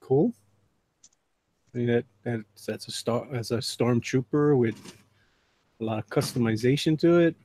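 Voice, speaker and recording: A livestream host and artist runs a live drawing stream, chatting casually with call guests and reading chat messages aloud in a laid-back way. His mid-range voice is mellow and a little slow, with long pauses.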